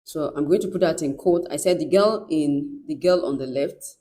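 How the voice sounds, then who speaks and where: Woman w a low mellow voice doing a step by step app tutorial, keeps saying right?. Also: moderate pace, slight background noise. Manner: instructive, often asks "right?". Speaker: tutorial presenter.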